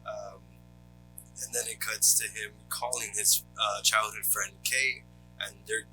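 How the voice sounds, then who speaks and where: A man with a low voice and a very bright, forward tone walks through a film plot in a relaxed podcast chat. He fills his pauses with ums and uhs, and soft guitar music plays faintly behind him. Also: poor audio. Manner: steady recap, frequent ums and uhs. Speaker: podcast co-host. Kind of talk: casual movie recap chat.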